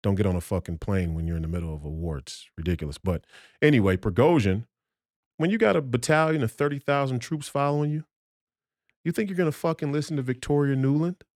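A man in a heated podcast rant, his voice at a middling pitch. He swears freely and hammers his points home with combative emphasis, often stumbling and restarting mid-sentence. The sound is dry and close, with little room echo. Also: fast, darkish tone. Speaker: podcast guest.

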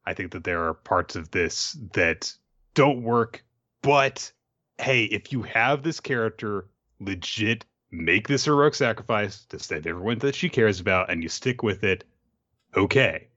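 A man's voice: on the low side, lively intonation, measured pace, sharp tone, dull audio. A man co-hosting a casual podcast who analyzes the story with dry sarcasm. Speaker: podcast co-host. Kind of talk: casual chat.

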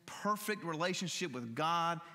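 Fervent preacher in a reverberant church. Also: male voice, on the high side, animated, unhurried, pushed and bright. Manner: earnest preaching, rising in fervor on key phrases. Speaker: pastor. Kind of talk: sermon with closing prayer. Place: church sanctuary. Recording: long reverb of a church hall.

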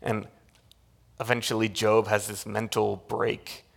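Gravelly-voiced man preaching a sermon. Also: lowish voice, a little slow. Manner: animated storytelling with frequent restarts and laughs. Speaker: pastor.

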